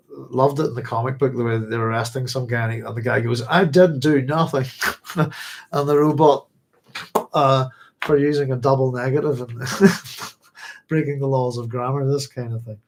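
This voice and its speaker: Man, book club host, rambling, self-correcting, laughs a lot, mid pitch. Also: darkish tone, slight background noise, low-quality recording. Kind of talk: casual book talk.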